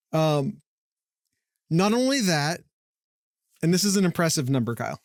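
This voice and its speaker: A man's voice: a little high, animated, moderate pace, long pauses, no echo, studio quality. A man co-hosting a casual sports podcast, joking and teasing his partner while citing betting statistics. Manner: joking, teasing, stat-heavy. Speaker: podcast co-host. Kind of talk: casual sports picks chat.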